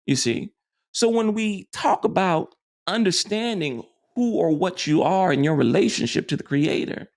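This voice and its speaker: Here a man with a voice on the high side and some vocal fry teaches metaphysics in a casual spiritual lecture. His delivery wanders, with frequent restarts and a habitual "you see" added at the end.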